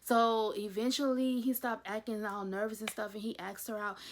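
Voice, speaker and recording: A woman's voice: fairly high pitch, flat delivery, moderate pace, slight background noise. A young woman chatting casually through a TV episode recap as a reviewer, retelling scenes with gossipy asides. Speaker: YouTube reviewer.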